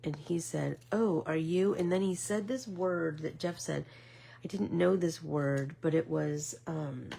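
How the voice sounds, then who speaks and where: A middle-aged woman talks casually while she makes art, her low voice slow and unhurried. Her tone is gravelly and husky, and she rambles through her story with plenty of fillers, sometimes sinking into a whisper. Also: dark tone. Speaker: art vlogger.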